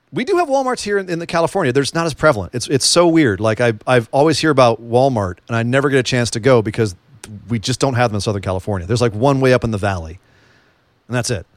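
A man's voice: medium pitch, animated, fast talker, dry recording. A man co-hosting a casual wrestling chat, joking around and asking lots of questions. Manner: chatty, joking, asks many questions. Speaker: wrestling podcast co-host.

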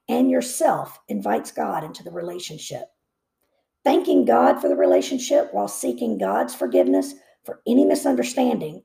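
A woman reads a Christian devotional book aloud and stops for brief comments of her own. Her voice is gravelly and mellow, with a lively rise and fall. She repeats key phrases for emphasis. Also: medium pitch.

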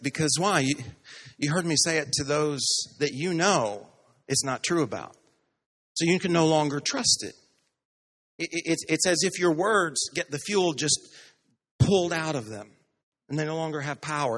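A man's voice: a little high, a bit bright. A man preaching a sermon to a congregation, acting out little everyday dialogues and building to emphatic, repeated points. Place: church sanctuary. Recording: long hall reverb from the church.

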